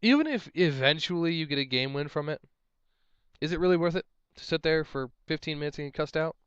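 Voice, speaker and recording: A man's voice: fairly high pitch, expressive, a little fast, a bit bright, smooth, no echo, lo-fi sound. A young man, a tournament judge, giving casual advice in a rambling, exasperated way that often repeats itself.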